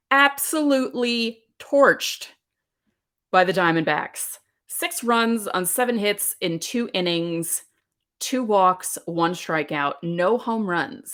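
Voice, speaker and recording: A woman in her forties with a fairly low voice talks alone as a podcast host. She tells stories in a candid, animated way and laughs easily. The delivery feels like casual chat, not reading. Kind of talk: casual solo podcast talk.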